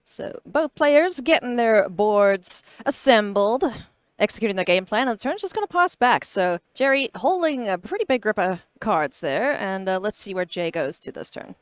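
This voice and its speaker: A woman's voice: mid-range voice, lively intonation, normal speed, clear, resonant tone, no room sound, studio quality. A woman commentating a card game match in an enthusiastic, playful way.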